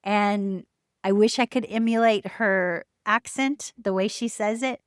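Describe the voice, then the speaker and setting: A woman hosting her own podcast, talking in a calm, measured way with emphatic pauses. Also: mid-range voice, clean tone, dry recording, studio quality. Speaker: podcast host. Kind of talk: reflective solo podcast talk.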